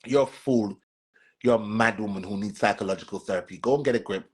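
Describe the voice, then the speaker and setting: A man's voice: lowish voice, steady tone, racing, slightly rough. A man with a Jamaican accent, from Jamaica, doing a casual live stream and sassily answering viewer comments, often repeating himself. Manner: sassy and repetitive, talking straight back to commenters.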